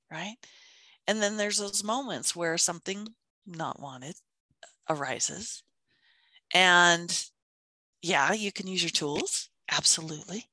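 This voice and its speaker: Bright-voiced woman in lively chat. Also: lowish voice, no room sound. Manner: animated storytelling, acts out quotes, laughs often. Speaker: podcast co-host. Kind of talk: casual chat about manifestation.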